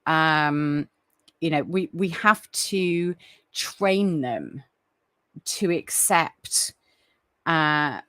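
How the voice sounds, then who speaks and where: A woman hosts a casual live stream, chatting and apologizing with plenty of ums and restarts. Her voice sits low, and there's no room sound.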